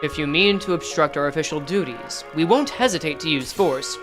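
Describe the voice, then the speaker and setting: A woman's voice: deep voice, fairly quick, over music, close to an everyday voice. A woman voicing a stern, officious male corporate enforcer who speaks formally and by the book. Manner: formal, procedural.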